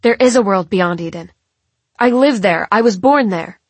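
A woman's voice: medium pitch, animated, normal speed, no room sound, natural voice. A woman voicing a defiant young woman. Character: defiant young woman fighter from beyond the desert.

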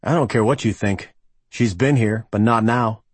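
A narrator with a husky voice plays a blunt, sarcastic man, a little higher and louder than his reading voice. The lines come short and curt, recorded close and dry. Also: moderate pace, no echo.

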